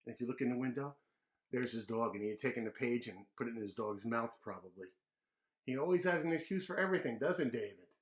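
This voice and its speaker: A man reading a picture book aloud to children, gently pausing to ask them questions. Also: medium pitch. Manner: gentle, asks kids questions. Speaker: children's storyteller.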